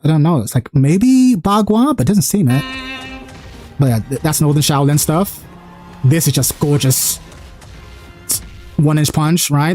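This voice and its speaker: A man streaming a casual reaction to a game trailer, excited and profane, rising higher and louder as he gets hyped.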